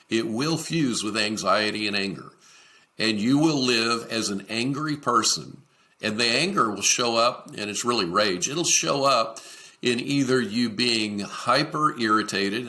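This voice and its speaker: A man's voice: on the low side, pushed and bright. A man hosting a leadership podcast, talking straight to the listener in an earnest, encouraging way, with plenty of ums and restarts. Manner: many fillers and restarts. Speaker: podcast host.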